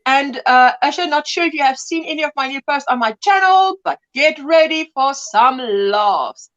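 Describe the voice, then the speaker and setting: High-voiced chatty woman in her fifties. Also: expressive, normal speed, fairly bright tone, lo-fi sound. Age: 50s. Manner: chatty, laughs often, drifts between greetings and stories. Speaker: livestream host. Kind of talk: casual chat reading viewer comments.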